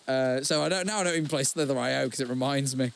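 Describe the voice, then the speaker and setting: A man's voice: medium pitch, quick pace, vocal fry, smooth. A young man co-hosting a podcast, telling stories in casual chat with lots of swearing and repeated words. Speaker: podcast co-host.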